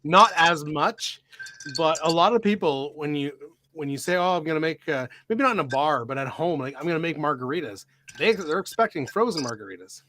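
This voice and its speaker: A man's voice: a little high, animated, a little fast, sharp tone, slight background noise. A man co-hosting a live stream, chatting casually and laughing easily while mixing drinks. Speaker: bartender and co-host.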